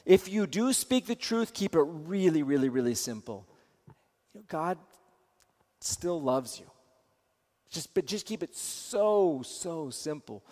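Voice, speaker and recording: A man's voice: a little high, sing-song, slow, long pauses, mellow, in a large hall. A man teaching in a sermon style, earnest, repeating phrases and often restarting his sentences.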